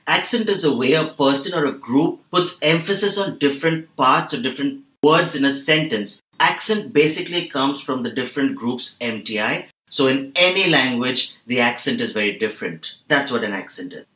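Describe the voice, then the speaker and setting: A man working as a voice and accent trainer, explaining calmly and steadily in a podcast interview. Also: mid-range voice, reverberant, low-quality recording. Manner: calm, measured explainer.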